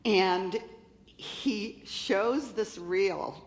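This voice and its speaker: A woman's voice: mid-range voice, extremely slow. Woman telling a funny story on stage, laughs a lot, roomy echo. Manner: animated, laughing, acts out voices in quotes. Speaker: keynote speaker. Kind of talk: storytelling talk to a live audience. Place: conference stage.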